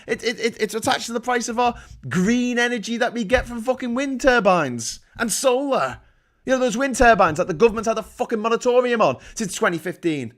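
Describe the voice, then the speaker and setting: High-pitched and slightly bright, this British man hosts a livestream where he angrily tears into politics. His rant is sarcastic and packed with constant profanity.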